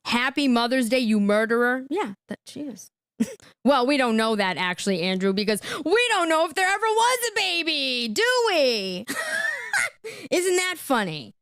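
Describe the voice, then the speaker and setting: A woman hosting a live reaction stream, chatty and quick to laugh, who keeps checking in with "okay?" as she comments. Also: sits high, very animated, creaky, fairly bright tone, no room sound, clean studio sound.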